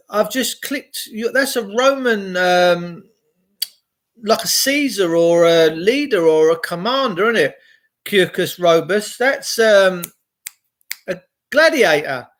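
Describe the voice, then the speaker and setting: A man's voice: sits high, fairly bright tone. A middle-aged man from England, giving a rambling, profane, chatty monologue to his viewers. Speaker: video host.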